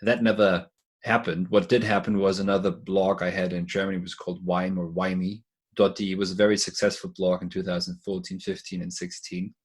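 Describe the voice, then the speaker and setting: A man with a low, husky voice talks as a podcast guest over a remote call. He explains ideas thoughtfully, stumbling and restarting his words now and then as he builds a point. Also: flat delivery, fairly quick. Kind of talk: casual conversation.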